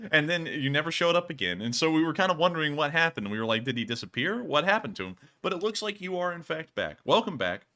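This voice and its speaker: Animated man hosting a livestream. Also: a little high, quick pace, few pauses. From Alabama, US. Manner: joking, animated, drawling "y'all". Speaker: host. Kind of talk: casual livestream chat.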